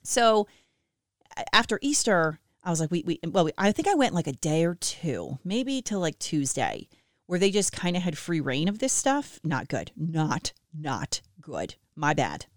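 A woman in her thirties chatting casually and self-deprecatingly to listeners about family life, with lively swings in her voice. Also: fairly low pitch, measured pace, no room sound, clean studio sound. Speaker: mom sharing family updates with listeners. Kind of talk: casual chat.

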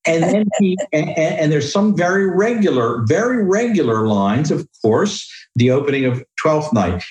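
A man's voice: a little high, sing-song, moderate pace, hardly any pauses, darkish tone. Thoughtful man in an echoey room. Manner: hesitant, thoughtful, recites verse with feeling. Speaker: guest. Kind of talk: conversational interview.

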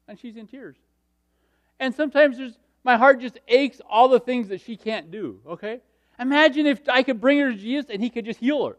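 Middle-aged male preacher, high-pitched, animated storytelling, quiet asides to loud peaks. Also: normal speed. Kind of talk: sermon with personal stories.

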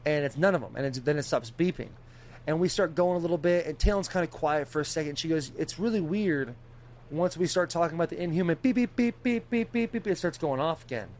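A young man in casual group chat, telling a story with animated delivery, imitating beeps and other people's voices, and swearing freely. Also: fairly high pitch, fast, slight background noise. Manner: animated storytelling, mimics beeping and quoted voices.

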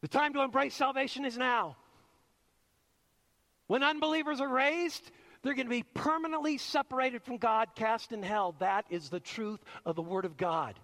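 A man's voice: extremely high pitch, moderate pace, pushed and bright. A man preaching a sermon as pastor, emphatic and acting out the voices he quotes. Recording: long reverb of a large hall.

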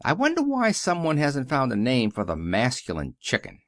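A man reading the part of a brisk, frank middle-aged woman who runs a department store, in a chatty, decisive way. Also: medium pitch, wildly swooping pitch, no echo, clean studio sound.

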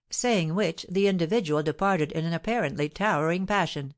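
A woman reading a novel aloud as an audiobook narrator, at a steady, even pace. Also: deep voice, normal speed, hardly any pauses. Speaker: audiobook reader.

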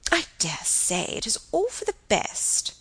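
A woman's voice: on the high side, huge pitch swings, measured pace, a bit bright, breathy edge, whispered, voice pushed up, heavily acted. A woman voicing a prim, cautious older aunt who speaks a little tartly in an audiobook. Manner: prim, tart.

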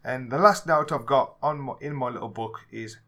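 A man with a Black Country accent rants through a movie review in casual podcast chat. His voice sits at a middle pitch, and he swears freely and often jumps into loud, acted-out bits of the scenes he describes. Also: normal speed. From England. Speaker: podcast co-host.

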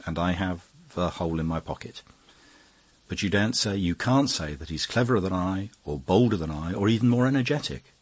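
A man voicing a lively Italian poet who talks with animated irony. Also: sits low, husky, no echo.

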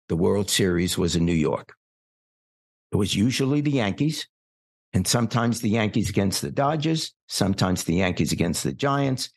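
An older man, a podcast guest born in England, telling long stories in a relaxed, wry conversational way. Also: on the low side, slightly rough. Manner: relaxed anecdotal storyteller, wry asides. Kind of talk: storytelling in conversation.

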